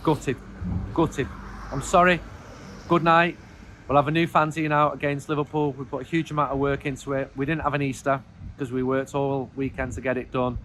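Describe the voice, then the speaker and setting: A man's voice: medium pitch, level tone, fairly quick, a bit bright, a little hiss or hum. A middle-aged man, a football fanzine editor, talks through player ratings outdoors on a cold, wet night, sounding frustrated and rambling. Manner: frustrated, rambling, self-deprecating. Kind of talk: casual spoken video commentary.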